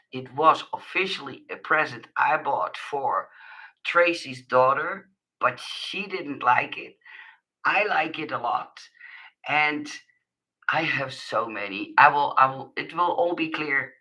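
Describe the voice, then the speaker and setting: A woman hosting a casual crafting live stream, her voice hoarse, squeaky and rough because she has nearly lost it. She talks at an unhurried, slow pace, greets viewers by name and apologizes for her voice. The tone is very bright and tense. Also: poor audio. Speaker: crafting channel host.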